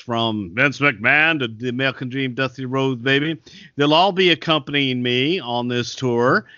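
A man's voice: mid-range voice, fairly bright tone, dry recording. Texan man on a dull phone line. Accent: Texas. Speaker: podcast host, interview guest. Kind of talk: casual interview over a phone line.

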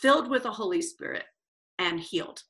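A middle-aged woman telling her life story as a podcast guest, animated and acting out the voices of people she quotes. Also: medium pitch, brisk. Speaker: guest speaker.

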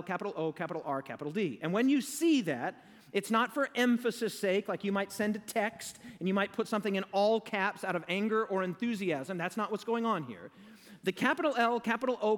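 High-pitched guy preaching, big echoey hall, gets the crowd repeating stuff. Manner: emphatic, engages audience with call-and-response. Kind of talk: sermon.

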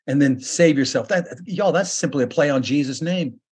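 A man preaching a sermon with a husky, fairly high voice. He is an earnest pastor who slows down and rises in pitch to drive his points home. The grain in his voice stays with him throughout.

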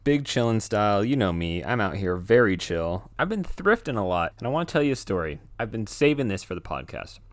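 A laid-back man co-hosting a casual podcast, spinning a long comic anecdote. His pitch swings widely as he talks, and the sound is dry and close. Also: big pitch swings, brisk, hardly any pauses, dry recording. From United States. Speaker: podcast co-host.

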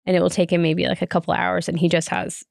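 Gravelly enthusiastic woman co-host. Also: lowish voice, completely flat delivery, fast, no echo, clean studio sound. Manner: enthusiastic, says "like" a lot. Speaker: podcast co-host. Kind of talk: casual chat. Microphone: phone.

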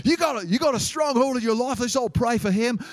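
A man's voice: mid-range voice, fairly even intonation, fast talker, close to an everyday voice. A man acting out an intense male visiting preacher who barks urgent, commanding calls to a crowd.

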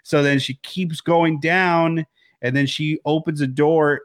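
A man co-hosting a casual film podcast from home, telling the story with lively acted-out reactions and frequent swearing. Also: fairly high pitch, takes it slowly. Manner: animated storyteller, swears freely, acts out reactions. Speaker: podcast co-host. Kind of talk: casual movie-discussion chat. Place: home, recording remotely.

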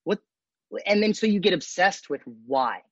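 A man's voice: high voice, lively intonation, moderate pace, a bit bright, slightly rough, no echo. A man in a casual podcast chat, a comedian who tells stories animatedly and acts out little voices. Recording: dull dry lo-fi mic.

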